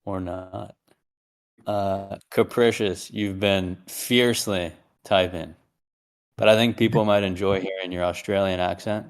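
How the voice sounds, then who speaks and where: Male moderator, very deep, smooth resonant voice, easygoing. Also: unhurried. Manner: relaxed, inviting others to speak. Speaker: call moderator. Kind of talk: casual chat on a voice call.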